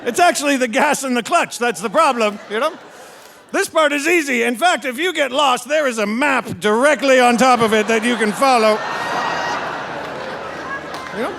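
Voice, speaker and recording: A man telling a brash, punchy stand-up story, shouting out the quoted lines. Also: very high-pitched, normal speed, gravelly, long pauses, noisy background. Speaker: stand-up comedian.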